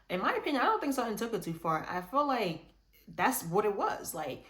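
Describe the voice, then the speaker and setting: A woman's voice: lowish voice, very animated, brisk, a bit bright, echoey room. A woman giving a chatty, opinionated recap of a reality show, full of restarts and fillers. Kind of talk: casual recap commentary.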